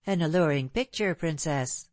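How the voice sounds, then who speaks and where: A woman reading the part of a stiff, polite young English gentleman in an audiobook, stolid and formal. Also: low-pitched, moderate pace, dry recording, natural voice.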